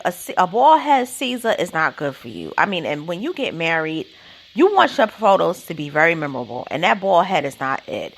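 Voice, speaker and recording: A woman's voice: fairly low pitch, gravelly, fairly bright tone. A woman vlogger giving blunt, opinionated political commentary and speaking straight to the people she criticizes.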